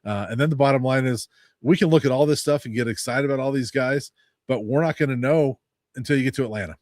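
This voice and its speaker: A man at a middle pitch lays out his analysis as a guest on a sports show, steady and explanatory, with frequent "uh" and "you know." His voice sounds dry and close, with no room around it. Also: dry recording. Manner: measured, explanatory, many fillers. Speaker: college football beat writer, guest.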